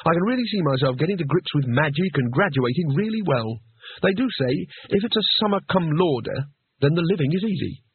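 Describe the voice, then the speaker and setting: A man's voice: on the high side, sing-song, moderate pace, no room sound, voice pushed up, heavily acted. A man reading an audiobook, voicing a nervous, wry male wizard who talks awkwardly and evasively. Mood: breezy. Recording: husky, dry, phone-like narrow sound.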